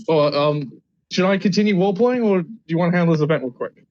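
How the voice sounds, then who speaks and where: A man playing in a casual tabletop role-play session, quick and joking. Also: high-pitched, a little mellow. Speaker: player. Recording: dull, dry mic.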